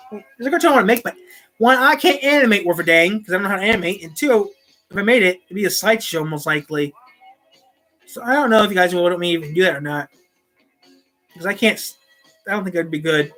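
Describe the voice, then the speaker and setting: On her own channel, a woman chats casually to camera at home, rambling and often restarting sentences. Her voice is medium-pitched with a fairly bright tone, and she records on a desk microphone.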